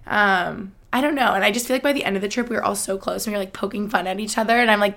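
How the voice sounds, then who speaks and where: A woman's voice: medium pitch, steady tone, quick pace, a bit bright. A young woman in her twenties hosting a podcast, chatting in a casual, upbeat way with lots of "like" fillers and frequent laughter. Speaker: podcast host. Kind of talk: casual chat.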